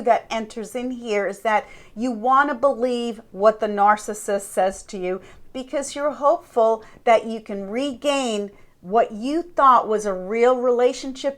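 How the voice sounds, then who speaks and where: A woman coach speaking earnestly and emphatically, addressing her listeners directly as she teaches. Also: on the high side. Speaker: life coach.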